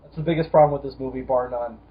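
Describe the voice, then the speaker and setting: A man of medium pitch talks movies on a podcast, emphatic and swearing freely as he rants. The audio is dull and lo-fi. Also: fairly even intonation, racing. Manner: emphatic, profane, ranting. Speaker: podcast co-host. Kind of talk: casual film discussion.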